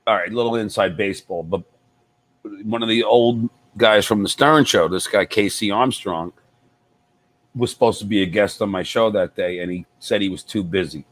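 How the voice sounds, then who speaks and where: A man telling a wild story as an interview guest, animated and emphatic, swearing freely. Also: fairly low pitch, moderate pace. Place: club stage.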